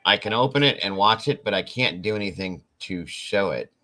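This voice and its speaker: A man with a low but bright, forceful voice hosts a casual live-stream chat from home. He talks in a relaxed, rambling way, often pausing on "um" and laughing along the way. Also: rough recording. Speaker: host.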